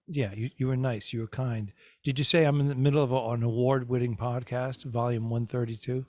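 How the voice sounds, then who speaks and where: A man's voice: medium pitch, steady tone, a little fast, a little mellow, no echo, clean studio sound. A man co-hosting a comedy podcast, incredulous and teasing, with constant swearing. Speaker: podcast co-host. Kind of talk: casual podcast banter.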